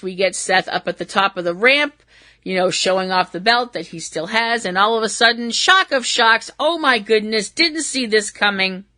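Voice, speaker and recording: A woman's voice: mid-range voice, bright, forceful tone, dry recording. A woman hosting a wrestling podcast, talking casually in a blunt, sarcastic way and swearing freely. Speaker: podcast host.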